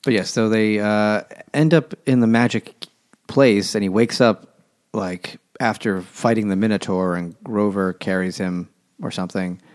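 A man's voice: on the low side, fairly even intonation, measured pace. A man co-hosting a casual book podcast, retelling a plot with sarcastic, rambling jokes. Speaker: podcast co-host. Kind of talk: casual book-discussion banter.

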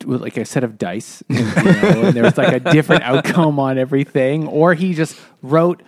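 A man on a comedy podcast, musing haltingly with plenty of fillers. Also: medium pitch, no echo, studio quality. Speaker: podcast co-host. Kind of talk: casual comedic chat.

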